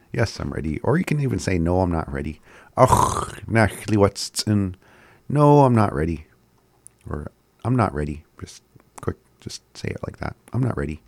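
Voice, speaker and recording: A man giving a casual language lesson, slowly repeating words and chuckling often. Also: low-pitched, no room sound. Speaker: language teacher.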